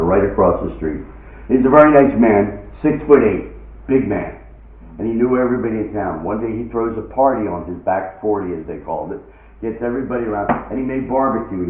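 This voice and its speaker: A man doing live stand-up, telling stories in a chatty, punchy way and acting out the scenes. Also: on the low side. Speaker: stand-up comedian. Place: live venue with an audience. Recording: echoey venue, distant phone-like mic.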